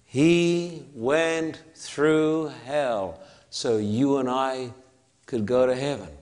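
A man with an Australian accent preaching a sermon, emphatic and repetitive, with long pauses between phrases. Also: medium pitch, darkish tone.

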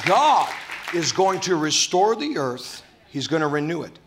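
A man preaching a sermon at a church service, exuberant and loud at times, then dropping to a hushed, tender voice. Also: a little high, big pitch swings, unhurried, crowd noise, background noise. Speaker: pastor.

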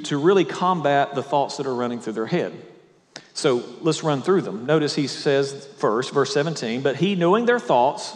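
Male pastor, sermon, somewhat high voice, verse-by-verse explanation, casual asides, long hall reverb.

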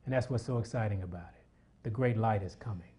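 A man's voice: fairly low pitch, quick pace, mellow. A man preaching a sermon, reading scripture aloud and calling out questions to his congregation.

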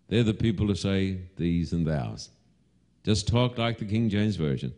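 Slow, dramatic male preacher. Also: lowish voice, mellow. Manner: slow dramatic storytelling, rising to cries in quoted calls. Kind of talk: sermon.

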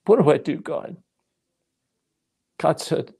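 A man's voice: medium pitch, normal speed, gravelly, darkish tone. A middle-aged man preaching a sermon, telling a personal story and acting out his dialogue with God, addressing listeners as folks. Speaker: pastor.

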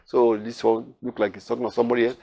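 A man's voice: medium pitch, flat delivery, racing, vocal fry, warm tone. A man teaching scripture verse by verse, explaining with repeated phrases and everyday examples and reading the verses aloud. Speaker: Bible teacher.

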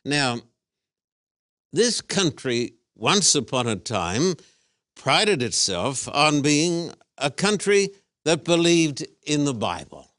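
Measured male pastor-host, dry sound. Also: a little high, big pitch swings, fairly bright tone, no room sound. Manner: measured, poses rhetorical questions. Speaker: pastor hosting an interview. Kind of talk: interview questioning.

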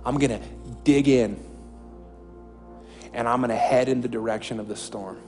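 A man's voice: mid-range voice, normal speed, darkish tone, soft background music. A man preaching a sermon as a pastor, impassioned and repeating phrases for emphasis.

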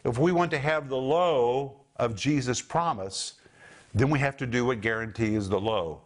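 A man's voice: mid-range voice, unhurried. A middle-aged man teaching a sermon on scripture, emphatic and preacherly, repeating his key phrases for weight. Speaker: Bible teacher.

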